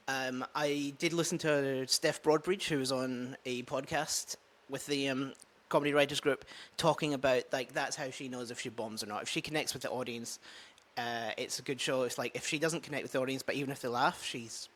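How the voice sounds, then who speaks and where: His voice is steady, medium-pitched and a bit bright, moving at a moderate pace. He's a Scottish open mic comedian vlogging casually at home with a dog, wandering through his thoughts aloud with many fillers.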